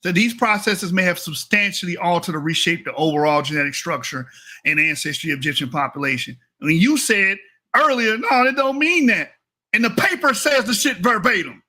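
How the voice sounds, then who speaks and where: A man's voice: sits high, a little fast, pushed and bright. A man giving heated reaction commentary, mocking and profane as he corrects someone's reading of a paper.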